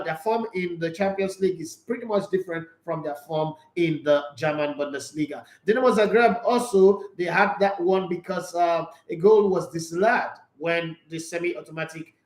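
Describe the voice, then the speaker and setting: A man hosting an opinionated football show, talking in an animated, emphatic way full of rhetorical questions. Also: high-pitched. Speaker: sports show host. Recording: roomy echo.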